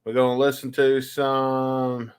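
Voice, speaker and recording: A tired man co-hosting a podcast, telling stories in relaxed casual chat. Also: mid-range voice, takes it slowly, smooth. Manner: storytelling, laid-back. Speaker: podcast co-host.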